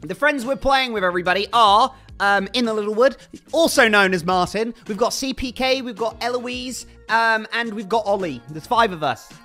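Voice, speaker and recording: Bright-voiced, high streamer guy. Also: normal speed, faint music behind. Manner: upbeat, reads out chat names and thanks donors. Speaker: livestreamer. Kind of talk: casual livestream chat.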